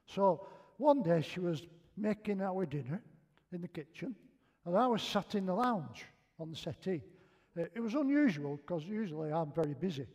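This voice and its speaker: Older man, Northern English accent, high voice, joking church preacher, chatty and self-mocking. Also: expressive, normal speed. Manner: chatty, self-mocking, acts out shouted lines. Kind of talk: humorous sermon storytelling. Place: church hall.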